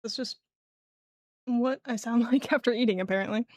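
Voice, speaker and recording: A young adult woman streaming live, her voice a little throaty after eating, chatting casually and clearing her throat often. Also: on the high side, normal speed, darkish tone, dry recording, clean studio sound.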